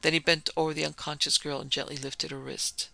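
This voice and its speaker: A man narrating a story in an even reading voice. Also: fairly high pitch, a little fast, gravelly, no room sound.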